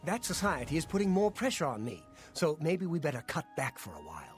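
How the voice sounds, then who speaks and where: Nervous male fence, apologetic, slightly high, lively intonation. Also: fast talker, faint music behind. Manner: hesitant, apologetic.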